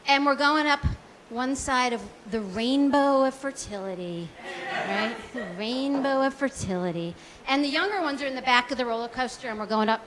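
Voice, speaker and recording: A woman in her forties performs stand-up in a small comedy club, her voice sitting high. She talks in a chatty, self-deprecating way, full of likes and ums, with a faint hiss under the mic. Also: normal speed, fairly bright tone. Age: 40s.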